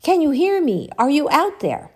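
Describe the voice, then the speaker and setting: A high, searching female voice that seems to come through a crackling radio from far away, as a woman puts it on. It calls out again and again, hunting for someone who will answer. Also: big pitch swings, normal speed, darkish tone. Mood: calling. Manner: calling out, searching. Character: eerie faraway female voice on a radio.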